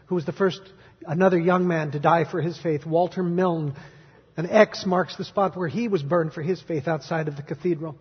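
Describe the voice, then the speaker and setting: A man preaching a sermon as pastor, telling stories dramatically and moving from hushed to loud. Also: fairly high pitch, husky. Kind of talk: sermon with storytelling. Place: church sanctuary. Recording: dull recording in a reverberant hall.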